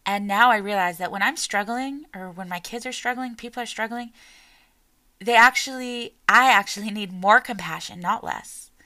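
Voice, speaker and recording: A woman in her forties, a mother giving an earnest, heartfelt personal talk with a soft, emotional delivery. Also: mid-range voice, moderate pace. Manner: earnest and emotional, voice softening as she tears up. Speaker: parent sharing her story.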